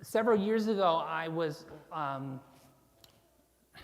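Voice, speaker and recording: Woman preaching in a reverberant church. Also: deep voice. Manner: conversational, with fillers and asides. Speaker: pastor. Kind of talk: sermon. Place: church sanctuary.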